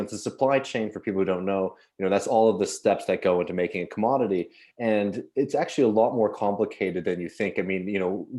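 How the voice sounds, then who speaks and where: A man giving an explanatory commentary segment on a talk show, steady and full of fillers. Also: on the low side. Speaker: economics segment contributor.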